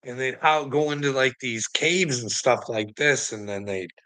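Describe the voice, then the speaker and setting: A man talks straight to his viewers in a loose, rambling vlog monologue, swearing freely. His voice is bright and pushed forward, and he keeps breaking into short laughs between lines. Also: mid-range voice, normal speed. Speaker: channel host.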